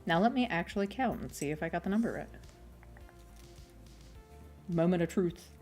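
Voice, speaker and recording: Chatty, rambling woman streamer with a low voice. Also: lively intonation, moderate pace, a little mellow, faint music behind. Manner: rambling, chatty, self-deprecating. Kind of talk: casual chat while crocheting.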